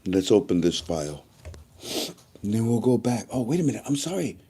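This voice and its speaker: A man with a lowish voice talks straight to his viewers in a loose, wandering monologue. His tone is dark and mellow, and he circles back to say the same things again and again. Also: sing-song, fairly quick, husky. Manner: repeats himself often; chatty and preachy, asides to viewers. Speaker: YouTube vlogger. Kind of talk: casual rambling monologue to viewers.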